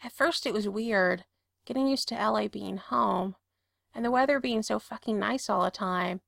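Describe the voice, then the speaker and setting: A woman calmly reading a story aloud in a steady storytelling voice. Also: mid-range voice, normal speed, gravelly, no echo, clean studio sound. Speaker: narrator. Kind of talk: reading fan fiction aloud.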